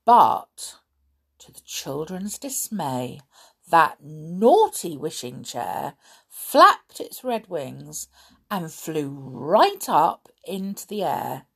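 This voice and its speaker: A woman reading a children's storybook aloud in an expressive, measured storytelling manner. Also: low-pitched, vocal fry, breathy edge.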